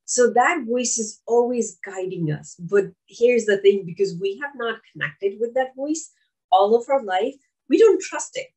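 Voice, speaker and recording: A woman's voice: on the high side, measured pace, a little mellow, low-quality recording. A woman giving an earnest, coaching motivational talk, speaking straight to the listener as a friend.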